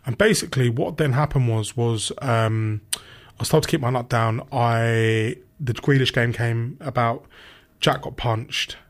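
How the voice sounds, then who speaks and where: Young man telling lively stories. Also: medium pitch, unhurried. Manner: animated anecdotes, acts out quotes. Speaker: football radio reporter. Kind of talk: casual storytelling chat.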